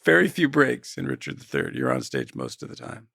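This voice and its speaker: A man with a gravelly, husky voice talks slowly through his thoughts as an interview guest, circling back and restarting phrases before he lands on a point. The sound is close and dry, with no room around it. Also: sits low, wildly swooping pitch, a bit bright, dry recording. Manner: measured, storytelling, restarts phrases. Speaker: actor and guest. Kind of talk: reflective interview talk.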